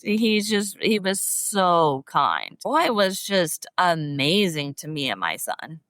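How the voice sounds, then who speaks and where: A middle-aged woman, a podcast guest, telling stories in an animated, expressive way. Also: fairly low pitch, slow, no echo. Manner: animated, expressive, often laughing. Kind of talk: emotional storytelling.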